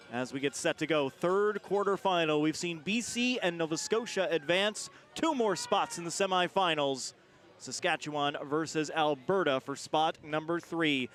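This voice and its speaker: A man calling live rugby play-by-play as the main commentator, quick and energetic in his delivery. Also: a little high.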